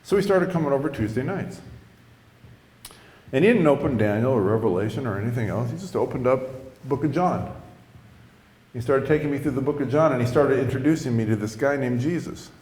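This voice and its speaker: A man who is a pastor tells his conversion story in a sermon, with lively storytelling and self-mocking humor. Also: medium pitch, a little fast, pauses often. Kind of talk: sermon testimony. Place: church. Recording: echoey hall.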